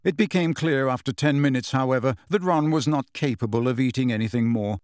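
A man narrating an audiobook in a measured storytelling manner. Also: mid-range voice, darkish tone, no room sound, clean studio sound. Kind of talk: scripted narration.

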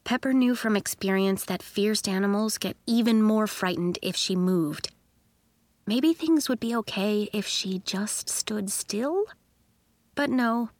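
A woman's voice: medium pitch, no echo. A woman narrating a children's audiobook expressively, giving each character a voice of her own. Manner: expressive storytelling, voicing the characters.

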